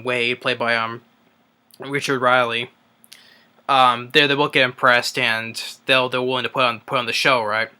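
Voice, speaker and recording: A man's voice: medium pitch, bright, forceful tone, smooth. A young man casually recapping a film's plot, rambling with lots of fillers and restarts. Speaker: movie reviewer. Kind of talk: casual spoken movie recap.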